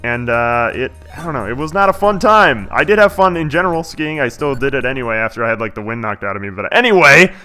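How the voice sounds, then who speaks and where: Young guy rambling over a game, keeps correcting himself, bright voice, little music in the back. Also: medium pitch, expressive, fast talker, few pauses. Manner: rambling, self-correcting, chatty. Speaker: let's-play host. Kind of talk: casual let's-play commentary.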